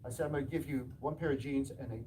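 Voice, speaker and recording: A martial arts school owner speaks to a live audience, spinning animated anecdotes and playing every part in the dialogue himself. His voice sits at a medium pitch. The mic picks him up from some distance, with plain room noise underneath. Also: quick pace. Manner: animated anecdotes, acting out quoted dialogue with laughs. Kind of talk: storytelling talk to an audience.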